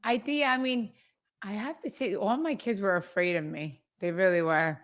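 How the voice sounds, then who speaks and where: A middle-aged woman co-hosting a podcast in casual chat, talking haltingly with frequent restarts. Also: medium pitch. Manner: halting, restarts often, reflective. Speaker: podcast co-host.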